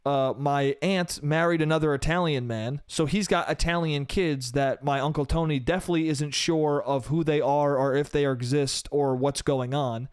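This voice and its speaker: A man's voice: fairly high pitch, steady tone, moderate pace, hardly any pauses, smooth, no echo, studio quality. A young man hosting a solo podcast, telling a story in a casual, profane style full of "bro" and "dude".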